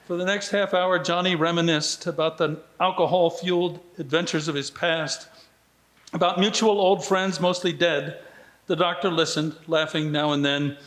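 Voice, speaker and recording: At a festival venue, a male author reads from his book in a slightly raised voice, with a steady, measured delivery. He briefly livens up when voicing quoted lines.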